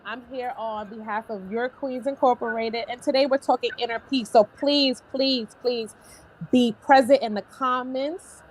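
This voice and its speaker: A woman hosts a live panel, upbeat and encouraging. Her voice sits a little high. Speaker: host.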